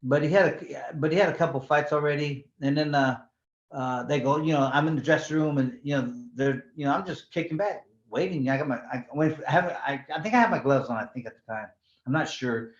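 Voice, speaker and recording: This former professional boxer from California talks fast in a voice on the high side, telling animated stories during a casual interview. He curses freely and keeps restarting his sentences, and the sound is roomy and a bit dull.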